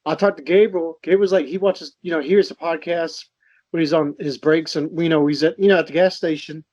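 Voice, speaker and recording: A man with a high, thin voice trades loose, crude banter on a podcast, laughing often and tripping over his words. The sound is very dry and somewhat dull, like a lo-fi home recording. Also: steady tone, a little fast, a little mellow, no echo. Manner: laughs often, crude humor, restarts a lot. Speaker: podcast co-host.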